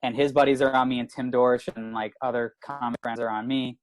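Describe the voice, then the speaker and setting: A man's voice: medium pitch, brisk, rough recording. A man in his thirties from Canada, a comedian telling a rowdy story in casual podcast chat, swearing and saying "like" constantly. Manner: animated, swearing, lots of filler "like". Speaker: comedian guest.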